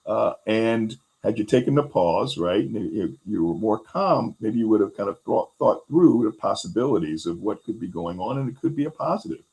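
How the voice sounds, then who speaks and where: A man with a very low voice talks a guest through ideas about resilience. He keeps it casual, with plenty of fillers, and he briefly acts out little quotes as he goes. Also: expressive, normal speed, few pauses, dark tone, poor audio. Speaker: host. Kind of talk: explaining resilience skills in a conversation.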